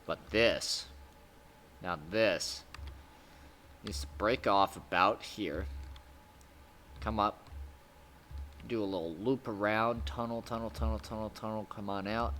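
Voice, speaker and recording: A man's voice: lowish voice, takes it slowly, long pauses, fairly bright tone, slight background noise. A man giving casual gameplay commentary as a streamer, rambling and swearing with chuckling asides.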